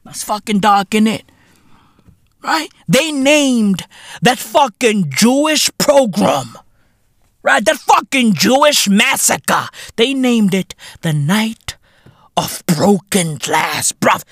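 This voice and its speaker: Podcast host, male, comedic solo rant: slow, bright, sharp delivery with wildly swinging pitch, frequent shouting, dry close sound. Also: very animated, no echo. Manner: profane slang-heavy ranting, bursts into shouting.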